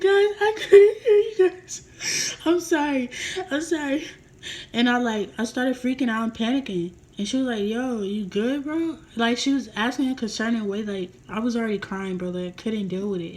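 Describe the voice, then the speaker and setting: A young woman vlogger telling a personal story in a rambling, emotional way with many fillers. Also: medium pitch.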